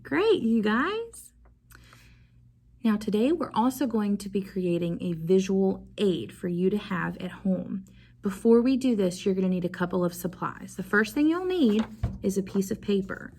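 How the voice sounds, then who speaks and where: A young woman music teacher giving a video lesson to young children, slow and encouraging, prompting them to repeat after her. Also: mid-range voice, very animated, darkish tone, slightly rough.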